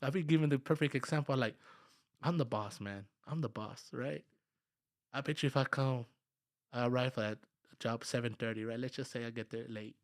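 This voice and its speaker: A man's voice: mid-range voice, normal speed, dry recording, clean studio sound. A man from Dallas, Texas, telling work stories in a casual, slangy way as a podcast guest, acting out his talks with his workers and dropping in Spanish phrases. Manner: animated, slangy, acts out dialogue with workers. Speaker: podcast guest, construction business owner. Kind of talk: casual conversational storytelling.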